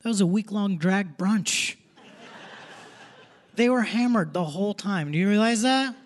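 A man's voice: sits high, unhurried. A young man doing live stand-up comedy on a theater stage, casual and punchy, laughing as he goes. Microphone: stage microphone. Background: audience laughter.

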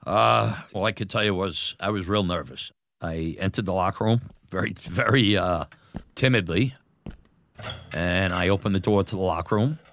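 Deep-voiced man telling an animated story. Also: normal speed, gravelly, no room sound. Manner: animated, acts out quoted voices. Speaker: former batboy interviewee. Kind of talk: storytelling interview.

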